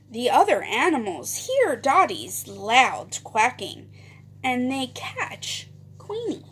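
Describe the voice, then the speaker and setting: A woman's voice: on the high side, sing-song, slow pace, background noise. A woman teacher leading a phonics lesson for young children, reading a storybook aloud in a sing-song way with whispered parts.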